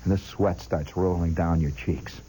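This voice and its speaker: A man's voice: low-pitched, fairly even intonation, normal speed, warm tone, slight background noise, poor audio. A man telling a long personal story as a chatty monologue, talking straight to the listener and mimicking sounds along the way. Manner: chatty, addresses the listener directly; imitates sounds with his voice.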